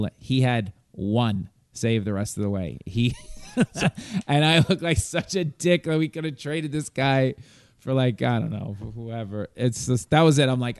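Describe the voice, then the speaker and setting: A man co-hosting a casual talk show, spinning an excitable, rambling anecdote. The sound is dry and close, with no room echo. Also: medium pitch, moderate pace, clean tone. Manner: animated, rambling, profane storyteller. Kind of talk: casual storytelling chat.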